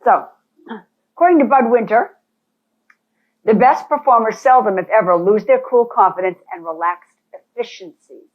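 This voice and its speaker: A woman's voice: fairly high pitch, moderate pace. A woman leading a real estate boot camp presentation, emphatic and talking straight to the people in the room. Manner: animated, emphatic, addresses audience directly. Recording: phone-like thin sound.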